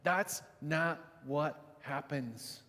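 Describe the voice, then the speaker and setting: A male pastor preaches a sermon very slowly, sinking into quiet, low reflection and then rising to loud, emphatic delivery. A long reverb tail trails his voice.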